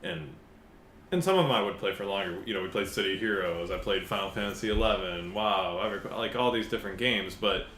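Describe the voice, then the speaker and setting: A man with a very low voice, talking casually and at length about video games, swearing now and then. He sounds like he is in a roomy space, with a faint hum of background noise. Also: fairly quick. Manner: relaxed, rambling gamer talk with frequent swearing. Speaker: podcast co-host. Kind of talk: casual chat.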